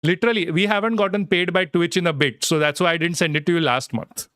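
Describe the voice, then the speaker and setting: A man's voice: sits high, quick pace, fairly bright tone, clean tone, no echo, clean studio sound. A man hosting a casual live stream, talking in a rambling, reassuring way and swearing now and then. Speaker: livestream host.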